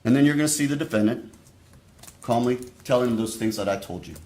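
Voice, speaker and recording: A man's voice: medium pitch, a little mellow. Male prosecutor in an echoey courtroom. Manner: deliberate, speaks straight to the jurors. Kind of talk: opening statement to a jury.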